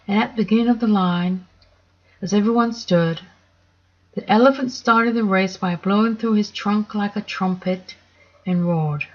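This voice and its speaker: A woman reading a children's story aloud in a gentle, measured way. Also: lowish voice, highs cut off.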